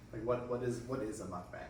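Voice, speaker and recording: A man's voice: medium pitch, a little hiss or hum. A young man co-hosting a food taste test in easygoing, wry chat. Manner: easygoing, wry, laughs often. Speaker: co-host. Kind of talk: casual chat while taste-testing food. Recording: echoey room, voice from far off.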